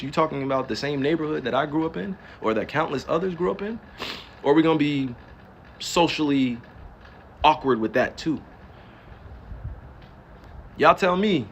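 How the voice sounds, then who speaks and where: A livestreamer in his thirties from New Jersey, on the US East Coast, rants in casual talk, firing off emphatic rhetorical questions, swearing freely and laughing now and then. His voice is medium in pitch at a moderate pace, with a little hiss or hum in the recording.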